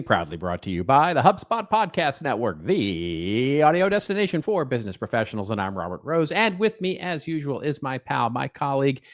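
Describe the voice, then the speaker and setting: A man's voice: mid-range voice, no echo, clean studio sound. A middle-aged man co-hosting a podcast in casual banter, telling stories in a chatty, wry way and often restarting his sentences. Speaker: podcast co-host.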